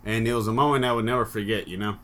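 A man co-hosting a comedy podcast, loud and profane, slipping into mock rants and silly voices. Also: fairly low pitch, steady tone, very fast. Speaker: podcast co-host. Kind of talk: crude comedic podcast banter.

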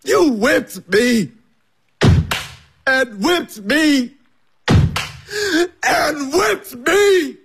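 A man plays a resentful young man in a radio drama. His voice sits high and rough, and it climbs and falls sharply. He drags out each accusing line. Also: sing-song, heavy background noise, full character voice. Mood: bitter, taunting. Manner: slow, taunting, repeats his words.

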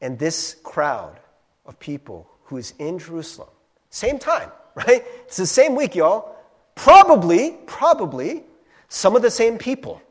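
A man preaching a sermon as a pastor, animated, acting out crowd voices and asking rhetorical questions. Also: sits high, a little slow, husky.

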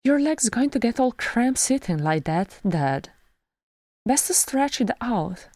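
Woman playing a caring young dwarf daughter, fussing, higher voice, storybook read. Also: sing-song, slow, darkish tone, no room sound, clean studio sound.

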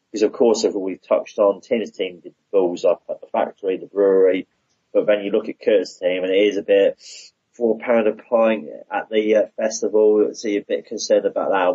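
A man co-hosting a podcast, giving measured, opinionated takes in casual chat about a TV show. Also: sits low, mellow, breathy edge, no room sound, muffled recording. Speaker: podcast co-host.

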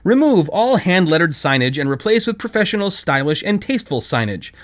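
A man's voice: high-pitched, sing-song, brisk, a bit bright, voice pushed up. A man reading a story, voicing an indignant, sarcastic young woman who works in a shop. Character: sharp-tongued young woman, fiery shop worker.

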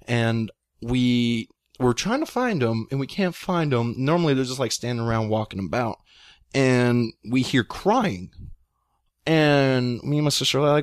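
A young man telling a long story in casual chat, rambling and excitable, with many fillers. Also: mid-range voice, a little fast, dry recording, studio quality. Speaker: guest storyteller.

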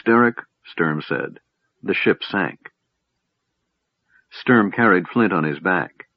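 A man reading a fantasy novel aloud as a narrator, in a measured storytelling manner. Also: deep voice, husky, dry recording. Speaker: audiobook narrator. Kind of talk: scripted narration with character voices. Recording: dull, lo-fi, dry sound.

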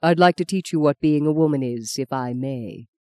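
A reader voicing Arthur, a suave man who speaks slowly and coaxingly, with a theatrical touch. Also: medium pitch, warm tone, dry recording, lightly acted. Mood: earnest.

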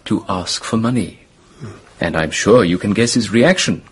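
An actor playing a charming, flippant young English gentleman who talks in a breezy, theatrical, mocking way. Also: lowish voice, moderate pace, breathy edge. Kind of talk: radio drama acting.

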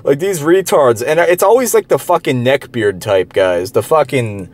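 A man's voice: medium pitch, animated, moderate pace, a little mellow. A man ranting in a profane monologue, heated and derisive, rambling with many restarts and filler words. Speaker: online commentator.

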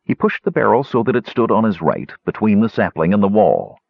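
A man narrating a fantasy audiobook in an expressive, measured storytelling voice. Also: on the low side, gravelly, slightly rough, no room sound. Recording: dull lo-fi, dry audio.

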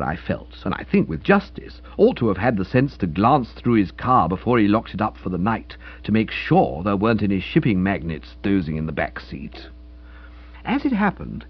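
A male narrator tells a comic tale in a wry, mock-dignified manner, his voice swooping up and down with great animation. The tone is slightly husky, and the recording sounds dull and lo-fi. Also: fairly low pitch. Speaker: audiobook narrator.

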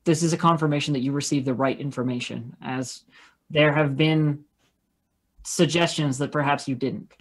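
A tabletop player voicing a formal security agent in a put-on Russian accent, speaking stiffly and a little low. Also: steady tone, moderate pace, lightly acted.

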